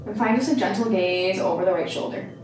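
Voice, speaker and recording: A woman instructor guiding a yoga class, calmly cueing breath and movement with casual, rambling asides. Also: mid-range voice, fairly quick, a little hiss or hum. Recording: echoey room, mic at a distance.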